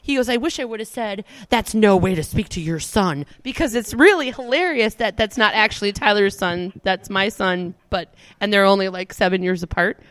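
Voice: medium pitch, a bit bright, no echo. Radio co-host with a dry, close voice. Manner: quick reactions, teasing asides. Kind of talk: casual on-air banter.

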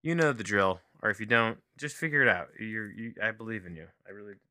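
A man's voice: fairly low pitch, animated, fast, sharp tone, smooth, no room sound. A man reviewing a movie from his home office, rambling and self-deprecating, with many fillers and restarts.

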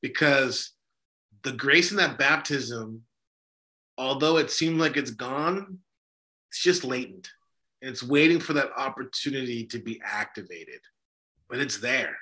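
A man's voice: medium pitch, measured pace, long pauses, pushed and bright. A man, an Orthodox priest, talking emphatically in a casual religious discussion, full of fillers and restarts. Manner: emphatic, preachy, self-interrupting with many fillers. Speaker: Orthodox priest and podcast host.

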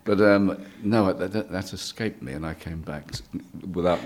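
A man's voice: sits low, normal speed. An older man from England, a guest in an interview, telling stories from his early career in a chatty way with frequent chuckles. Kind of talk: reminiscing interview.

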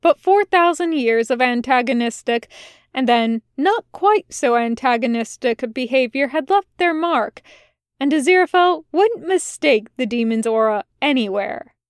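A woman reading a fanfiction audiobook aloud in a steady, expressive storybook narration. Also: high voice, normal speed, clean tone, no room sound, clean studio sound.

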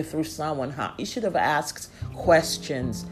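Speaking slowly with few pauses, this young female vlogger has a low, animated voice. She's sassy and chatty as she tells her casual story, often breaking into laughter over faint background music.

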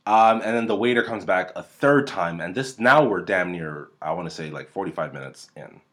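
A man's voice: low voice, animated, normal speed, fairly bright tone. Profane rambling man telling a story. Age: 30s. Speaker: podcast host. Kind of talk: casual storytelling. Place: home room. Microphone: desk mic at close range.

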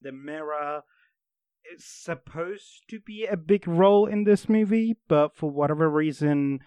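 A man in casual podcast chat about a movie, chatty and quick to chip in with trivia, laughing a lot. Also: fairly high pitch, mellow, clear, resonant tone, no room sound. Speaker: podcast co-host.

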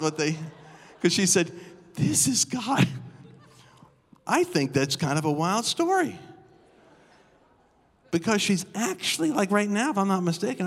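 A middle-aged man preaching live in a church, telling stories with animated, dramatic flair. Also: high-pitched. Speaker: guest preacher. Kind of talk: live sermon storytelling. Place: church auditorium. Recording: long reverb of a church hall.

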